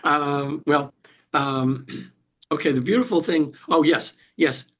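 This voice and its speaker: Husky older man telling a story. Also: on the high side. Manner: halting, with frequent restarts and throat clearing. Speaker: hypnotherapist guest. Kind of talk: emotional personal storytelling in an interview.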